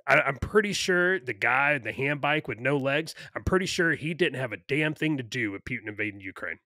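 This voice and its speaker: A man's voice: medium pitch, lively intonation, a little fast, sharp tone, dry recording, clean studio sound. A man co-hosting a podcast in casual, opinionated chat, ranting with lots of fillers and profanity. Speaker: podcast co-host.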